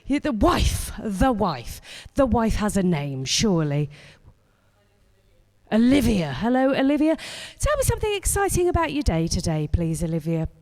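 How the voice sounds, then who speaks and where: A woman's voice: mid-range voice, very animated, normal speed, dark tone. A woman compering a live comedy night, brash and sweary as she teases the audience on a stage microphone. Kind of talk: stand-up crowd work.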